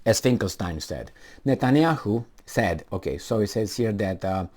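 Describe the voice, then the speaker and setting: A man's voice: lowish voice, animated, moderate pace, darkish tone. A man giving casual, sarcastic commentary on a news story he reads aloud, rambling with many fillers and restarts.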